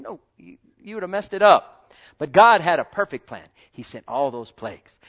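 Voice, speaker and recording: Man, sermon, animated delivery, quite high voice, muffled sound. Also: normal speed. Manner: animated, swings from loud exclaiming to quiet asides; calls out to the congregation. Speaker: preacher.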